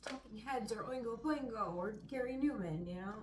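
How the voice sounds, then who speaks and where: A woman's voice: on the high side, expressive, moderate pace, recorded from a distance, noisy background. Woman, co-host, wry, swears casually, sits back from the mic, roomy echo. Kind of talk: casual sit-down chat.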